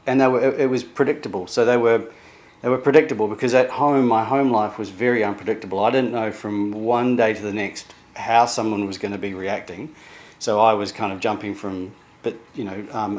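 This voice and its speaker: A middle-aged man from New Zealand talking candidly in a personal vlog, halting and emotional, with many restarts. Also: lowish voice. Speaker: vlogger sharing therapy progress.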